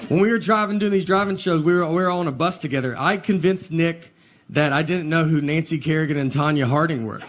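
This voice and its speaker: A man doing a stand-up comedy set, telling stories in a dry, deadpan way before a laughing crowd. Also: a little high, fast. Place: live venue with audience laughter. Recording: noisy live show recording.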